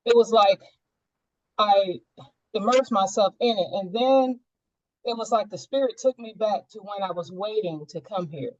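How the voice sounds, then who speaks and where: A woman's voice: mid-range voice, normal speed, a little mellow, no echo, muffled recording. A woman sharing a personal experience in a group coaching session, reflective and searching, with many fillers.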